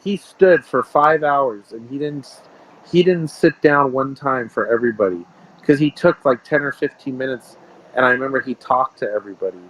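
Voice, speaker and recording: A man's voice: medium pitch, moderate pace, fairly bright tone, rough recording. A man, a sports card shop owner, telling rambling stories in a casual interview and repeating himself.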